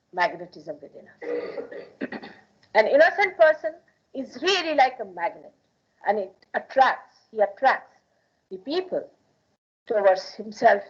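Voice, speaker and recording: A woman's voice: mid-range voice, slightly rough. A woman from India with an Indian accent, giving an emphatic public spiritual talk in a hall and repeating phrases for stress. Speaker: spiritual teacher. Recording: dull lo-fi archival 1981 recording.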